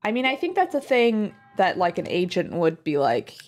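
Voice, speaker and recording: A woman livestreamer chatting casually while she plays, rambling along with lots of fillers and quick asides. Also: fairly low pitch, sing-song, soft background music. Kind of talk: casual chat while gaming.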